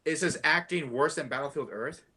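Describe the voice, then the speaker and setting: A man chatting casually on a movie podcast, dropping quick teasing interjections. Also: on the high side, a crowd in the background.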